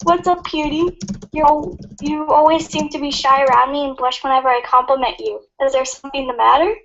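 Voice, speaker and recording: A woman's voice: sits high, brisk, gravelly, muffled recording, slight background noise. A woman reading out the lines of a young man who coaxes his shy friend, in a plain reading voice. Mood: teasing. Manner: read aloud flatly from text.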